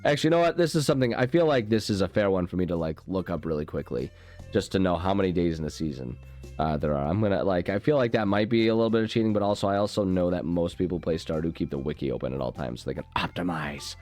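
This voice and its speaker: Over game music, a man hosting a casual gaming video talks fast in a low, somewhat mellow voice. His let's play commentary is goofy and rambling, and he keeps cutting himself off as he plays.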